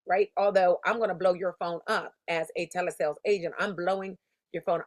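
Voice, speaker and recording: A woman sales coach with a medium-pitched voice gives a motivational teaching talk, recorded without echo. She tells stories in an emphatic, conversational, slangy way.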